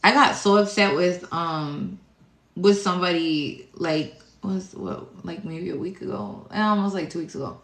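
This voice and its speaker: Low-voiced cursing woman tarot reader. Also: a little slow, a bit bright. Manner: blunt, heavy cursing, rambling with many fillers. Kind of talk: casual spiritual monologue. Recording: echoey room.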